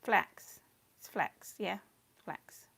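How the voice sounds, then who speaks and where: A middle-aged woman, chatting casually and rambling while she paints, often slipping into soft whispers. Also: drawn-out words. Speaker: painting channel host.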